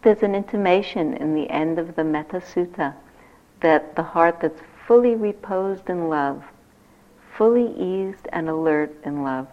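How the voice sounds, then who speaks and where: An older woman, a meditation teacher, giving a gentle, reflective dharma talk that turns lively when she tells stories. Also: deep voice. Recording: dull lo-fi talk recording.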